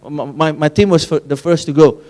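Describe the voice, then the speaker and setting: A male pastor with a high-pitched voice delivers his sermon like a relaxed personal story. He talks in a chatty way, laughs easily and often, and drops fillers and tag words into his English. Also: moderate pace.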